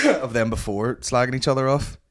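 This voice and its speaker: A man's voice: mid-range voice, huge pitch swings, moderate pace. A man, hosting a comedy podcast in sweary, ranting banter. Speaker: podcast host. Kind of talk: casual chat.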